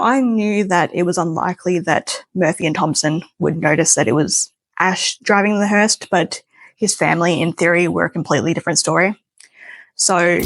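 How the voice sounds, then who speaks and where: A woman's voice: lowish voice, slightly rough, dry recording. A young adult woman telling a personal story in a chatty way, with plenty of casual fillers.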